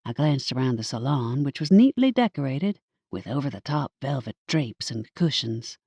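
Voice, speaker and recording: Low-voiced, expressive woman narrator. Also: slightly rough, no room sound. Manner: measured and expressive, with playful wry asides. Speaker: audiobook narrator. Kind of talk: first-person audiobook narration.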